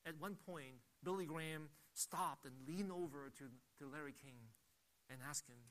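Male pastor, slightly higher voice, emphatic sermon delivery with rhetorical questions. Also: normal speed, fairly bright tone.

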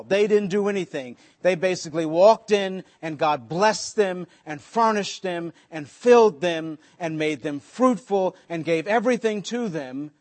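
A man preaching a sermon in a conversational way, with joking asides and slower stretches for emphasis. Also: on the high side, darkish tone. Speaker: pastor.

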